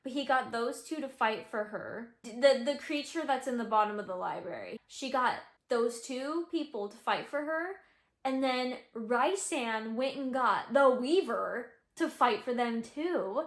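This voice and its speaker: A woman talking casually in a reading vlog, chatty and excitable, with many fillers and restarts. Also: a little high, measured pace. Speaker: book vlogger. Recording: roomy echo with faint music.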